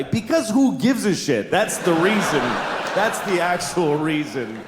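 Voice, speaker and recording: A middle-aged man doing a stand-up routine, telling stories in an animated, exasperated way with plenty of cursing. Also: high voice, a little slow, reverberant, background noise. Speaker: stand-up comedian.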